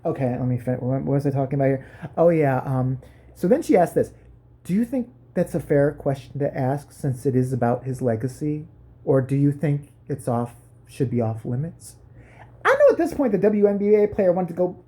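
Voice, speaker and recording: Husky-voiced woman on a crude rant. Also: low voice, expressive, brisk, dark tone. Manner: rambling, profane, swings between mutters and outbursts. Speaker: commentary vlogger.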